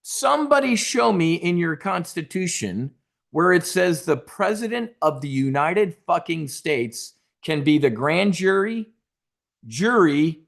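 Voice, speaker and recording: A man hosting a trading show, delivering a sarcastic, profane political rant with loud bursts of emphasis. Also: fairly high pitch, gravelly. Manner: combative, sarcastic, swears a lot. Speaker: host of a stock options trading show.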